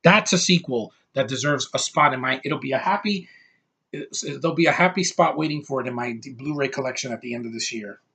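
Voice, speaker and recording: A man's voice: medium pitch, a little fast, gravelly, pushed and bright, husky. A young man giving a brash, over-the-top movie review, ranting and swearing as he talks.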